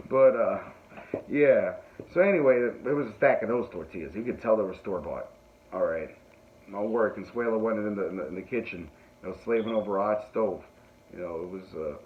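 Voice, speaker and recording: A man hosting a podcast, telling a rambling comic story with frequent laughs and self-mocking asides. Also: on the low side. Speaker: podcast host. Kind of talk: comedic storytelling. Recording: phone-like tinny audio, faint noise.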